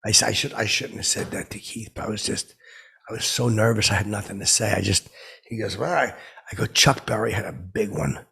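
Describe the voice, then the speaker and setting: This is an exaggerated, fairly low and somewhat bright male voice, gravelly and husky. He plays a starstruck oddball in a comedic character podcast monologue, rambling through awkward celebrity stories. His telling meanders, peppered with nervous asides.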